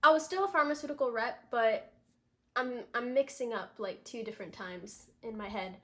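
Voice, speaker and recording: A woman's voice: on the high side, moderate pace, sharp tone. A young woman giving a casual, rambling vlog recap, full of filler words and self-corrections. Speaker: vlogger.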